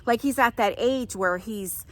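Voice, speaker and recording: A woman in her forties tells a story in a chatty walk-and-talk vlog on an outdoor nature trail, filming herself with a handheld phone. Her voice is on the high side and unhurried.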